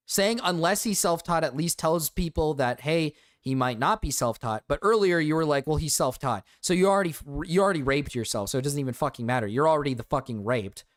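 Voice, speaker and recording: A man's voice: on the high side, a little fast, few pauses, dry recording, studio quality. A man streaming reaction commentary, ranting sarcastically and swearing a lot.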